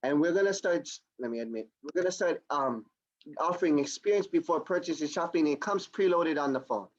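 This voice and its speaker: A man giving an energetic, repetitive sales training demo on a video call. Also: on the high side, fairly quick, muffled recording. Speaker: product demonstrator. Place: home or office on a video call.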